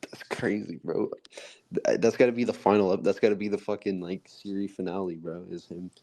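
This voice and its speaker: A man's voice: deep voice, steady tone, fairly quick, warm tone. A man co-hosting a podcast in casual chat, joking and swearing between laughs. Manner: laughing, profane, bantering. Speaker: podcast co-host.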